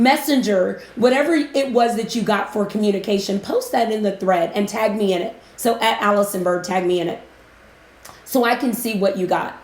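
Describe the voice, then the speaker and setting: A woman coaching business owners on a live broadcast, chatty and emotional, giving shout-outs to viewers. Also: medium pitch. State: emotional, near tears. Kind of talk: casual live-stream talk. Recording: roomy echo.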